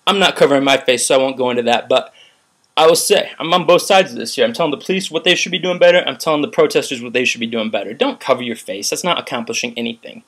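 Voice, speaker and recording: A man's voice: medium pitch, expressive, fast, fairly bright tone. A young man ranting profanely to camera in a rambling video commentary. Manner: profane, heated, rambling with frequent "like". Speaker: vlogger recounting a protest.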